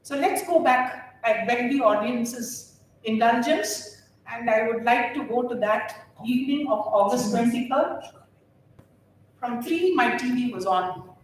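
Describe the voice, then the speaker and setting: An older woman, a retired geography teacher giving an animated, laughing speech to former students at a reunion. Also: on the high side, measured pace, slight background noise. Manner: warm, animated storytelling with frequent laughter. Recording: very echoey room, voice far from mic.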